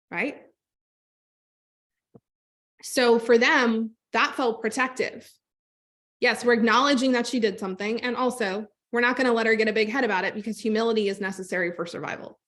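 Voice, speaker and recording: A woman with a slightly high voice teaches a group on a call. She tells stories with animation and acts out the people she quotes. She talks conversationally and addresses her listeners directly. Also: steady tone, normal speed, pauses often, a bit bright. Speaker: trauma-informed business coach.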